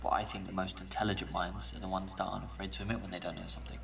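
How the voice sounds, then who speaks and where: A man's voice: deep voice, flat delivery, rapid-fire, vocal fry, slight background noise. An actor playing a shy, mild-mannered male schoolteacher on a blind date, talking hesitantly with little stammers. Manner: hesitant, soft-spoken, stammering. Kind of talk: dating game dialogue. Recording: distant game audio with faint music.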